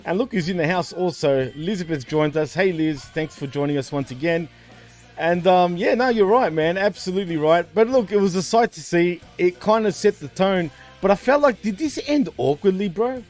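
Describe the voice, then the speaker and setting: A man's voice: high-pitched, expressive, normal speed, a little mellow, soft background music. An Australian man co-hosting a casual wrestling chat show, laughing often and swearing loosely, with "man" and "bro" in nearly every sentence. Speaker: co-host.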